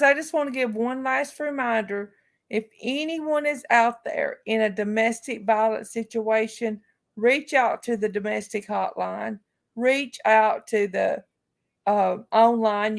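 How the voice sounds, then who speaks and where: A livestream host with a gravelly, somewhat high voice talks casually and outspokenly to her chat viewers, offering heartfelt remarks.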